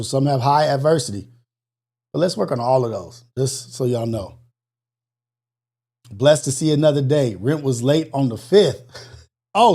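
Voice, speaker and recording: A man hosting a live morning call-in show, out of breath and chatting casually, with energetic exclamations and motivational, prayerful asides. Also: a little high.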